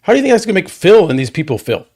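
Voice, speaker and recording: A man's voice: sits high, racing, slightly rough. A male podcast host talking casually and animatedly, often restarting his words as he backs up his guest. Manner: animated, repetitive restarts, supportive.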